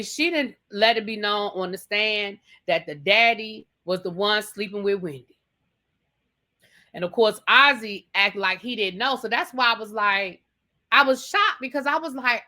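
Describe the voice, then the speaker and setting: A woman with a bright, forceful voice gives a casual recap of a TV episode. She talks chattily and dramatically, as if sharing gossip. She often calls the listener "baby". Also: fairly high pitch. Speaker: TV review host.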